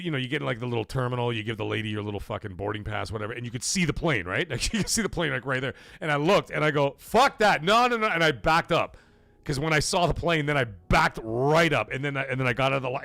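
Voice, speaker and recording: Male stream host, mid-range voice, animated and foul-mouthed storyteller, quiet music under. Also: medium pitch, gravelly, no room sound. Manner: animated, profane, swings loud and soft for effect. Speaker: host of a live gaming stream. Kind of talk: casual live-stream storytelling.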